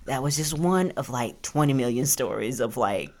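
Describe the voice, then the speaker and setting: A young adult woman hosting a casual podcast who tells lively stories and acts out the quotes. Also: a bass voice, moderate pace. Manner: animated, acts out quotes, talks with "like" and "right?". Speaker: podcast host. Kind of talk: casual storytelling chat.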